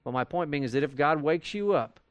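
A brisk, smooth, expressive male voice on the high side, with no room sound at all. During a live class recorded for audio, he teaches Bible study in a chatty manner, acting out the arguments he quotes.

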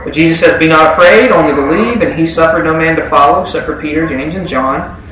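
A man's voice: on the high side, fast, a bit bright, far from the mic. A man preaching a sermon in a conversational way, often asking the congregation questions. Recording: very echoey room.

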